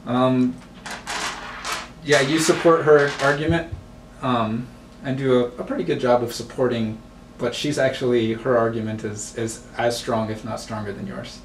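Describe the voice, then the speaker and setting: A man running a tabletop game as game master, describing scenes in plain, unhurried narration. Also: medium pitch, fairly even intonation. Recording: roomy, distant mic with background noise.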